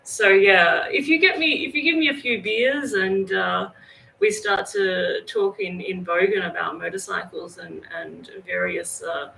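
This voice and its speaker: A woman's voice: medium pitch, measured pace, creaky, sharp tone, slight background noise, low-quality recording. A woman with an Australian accent, chatting casually on a livestream, greeting viewers by name. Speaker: livestream host. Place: home in northern Thailand.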